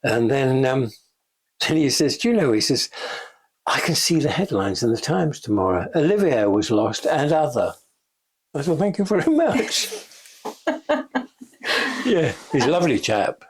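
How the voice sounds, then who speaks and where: An older man recounts backstage stories in a relaxed chat, often breaking into laughter and playing out the voices he quotes. His voice is husky and breathy, and his pitch swings widely from phrase to phrase. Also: normal speed. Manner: chatty, laughs often, acts out quoted lines. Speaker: interviewee, special effects veteran. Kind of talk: casual anecdotal storytelling. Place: shop.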